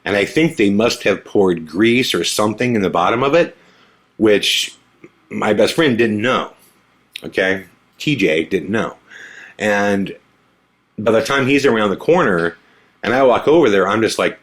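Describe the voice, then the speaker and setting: Laughing, lower-voiced male podcast host. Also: moderate pace. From Omaha area, USA. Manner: animated, laughs often, acts out quoted lines. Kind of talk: casual storytelling.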